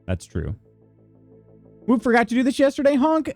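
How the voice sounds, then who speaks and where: Lively chatty male streamer. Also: very high voice, normal speed, faint music behind. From United States. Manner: chatty, greets viewers by name, reads chat aloud. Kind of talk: casual chat with live chat.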